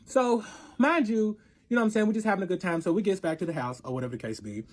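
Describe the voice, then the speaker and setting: Fast-talking animated storyteller man. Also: high-pitched. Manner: animated, profane, acts out both sides of arguments. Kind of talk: casual storytelling.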